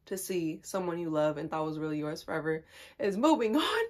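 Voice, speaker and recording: A woman's voice: medium pitch, normal speed. Chatty young woman telling a story. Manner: chatty, confiding, laughs through the story. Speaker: vlogger. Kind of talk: casual storytime.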